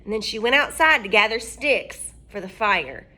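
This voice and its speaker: A woman reading a children's storybook aloud, expressive and asking her listeners questions. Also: medium pitch, normal speed.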